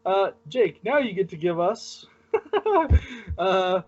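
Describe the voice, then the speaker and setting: Male podcast host, opinionated and playful, slightly high pitch, dull recording. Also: very animated, takes it slowly, husky. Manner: joking, emphatic opinions. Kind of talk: casual chat.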